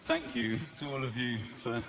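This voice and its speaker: A man doing stand-up comedy on a theater stage, telling self-mocking stories in an animated way. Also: medium pitch, moderate pace, vocal fry. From England. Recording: echoey live theater, dull, noisy.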